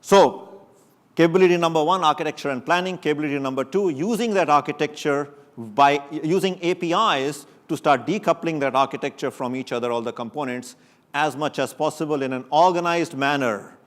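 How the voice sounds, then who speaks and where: A man giving a technical conference talk to an audience, lively and joking, often rising sharply for emphasis. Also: fairly high pitch, brisk. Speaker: conference speaker. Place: conference stage before an audience.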